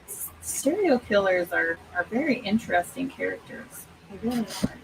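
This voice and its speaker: Middle-aged lady hosting a livestream, chatty and upbeat, mid pitch, a little faint noise behind her. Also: lively intonation, moderate pace, creaky, poor audio. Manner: chatty, upbeat, laughs often. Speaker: livestream host of writing sprints. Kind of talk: casual live-stream chat.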